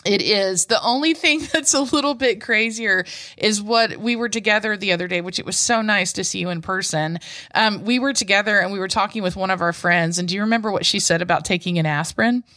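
A woman's voice: medium pitch, a little fast, pushed and bright, no echo, studio quality. A woman in her forties co-hosting a podcast over a video call, chatting casually in a giggly, teasing way. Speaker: podcast co-host. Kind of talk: casual chat. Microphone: remote call.

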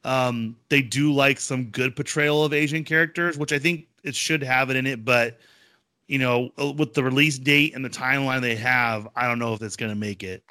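A man co-hosting a podcast, chatting casually and excitedly with frequent fillers. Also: mid-range voice, normal speed, no room sound, studio quality. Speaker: podcast co-host. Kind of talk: casual chat.

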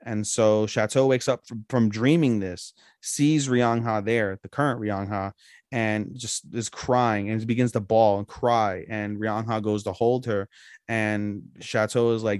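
A man's voice: fairly low pitch, fairly even intonation, unhurried, a little mellow, smooth, no echo, studio quality. A man co-hosting a podcast, chatting casually and rambling through a plot recap with loose, profane talk. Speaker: podcast co-host. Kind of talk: casual anime review chat.

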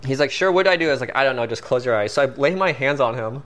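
A man as a guest, telling a story in a casual, animated way full of "like" and fillers. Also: mid-range voice, rapid-fire. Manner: animated, filler-heavy, peppered with "like".

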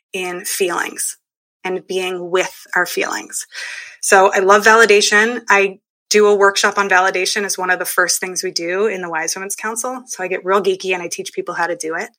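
A woman speaks as an interview guest with a bright, lively tone. She explains her ideas eagerly and often acts out the things people say. Her pitch sits in a middle range for a woman. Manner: enthusiastic, explanatory, acts out quoted speech. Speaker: guest, women's group leader. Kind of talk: casual conversation.

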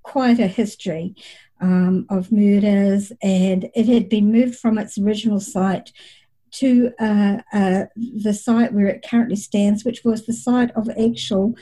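Husky-voiced woman recounting personal experiences. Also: medium pitch, steady tone, measured pace, dark tone, rough recording. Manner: reflective, recounts experiences at length. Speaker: psychic medium. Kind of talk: conversational interview storytelling.

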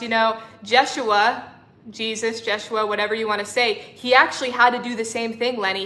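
A young woman, voice on the high side with a sharp edge, hosts a casual spiritual coaching livestream. She goes through chat comments, effusive and loving, calling her viewers sister and honey.

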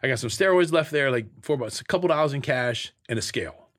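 A man's voice: medium pitch, fast. A middle-aged man, an interview guest, telling his stories candidly, with profanity and sound effects. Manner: profane, blunt, animated storyteller acting out scenes. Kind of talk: candid storytelling in a sit-down interview.

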